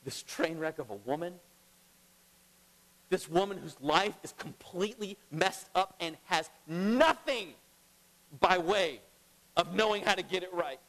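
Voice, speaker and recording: High-voiced man preaching in a hall. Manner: emphatic, swings between loud and hushed. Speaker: pastor. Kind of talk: sermon. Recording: long reverb of a large hall.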